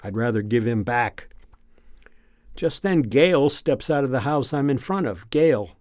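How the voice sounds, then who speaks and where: Male narrator, unhurried and reflective, close dry voice, mid pitch; reads a personal story. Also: no echo. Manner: calm, measured, reflective. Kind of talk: first-person story reading.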